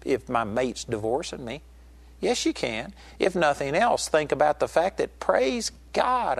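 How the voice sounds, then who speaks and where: A middle-aged male preacher delivering a fervent sermon. His voice sits at an ordinary pitch but leaps upward when he drives a point home, and he slows right down on key lines. The sound is close and dry. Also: dry recording. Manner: impassioned, rises sharply in pitch for emphasis, slows to stress lines; acts out quoted voices in retelling a story.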